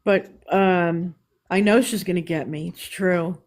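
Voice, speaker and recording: A woman's voice: fairly low pitch, steady tone, a little slow, a little mellow, rough recording. A woman with a New York accent hosting a live stream, talking candidly in casual chat with restarts. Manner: chatty, candid, with restarts and laughs.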